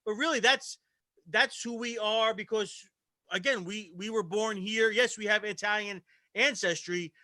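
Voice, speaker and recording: A man, a guest chef in a casual chat, talking quickly with many stammering restarts. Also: sits high, pushed and bright, no room sound. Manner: stammering restarts, talks fast.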